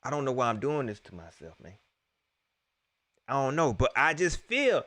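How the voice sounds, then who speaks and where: Animated, bright-voiced sports fan man. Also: medium pitch, normal speed, pauses often, dry recording. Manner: animated, repeats himself, laughs often; talks straight to viewers. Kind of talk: excited casual sports preview chat.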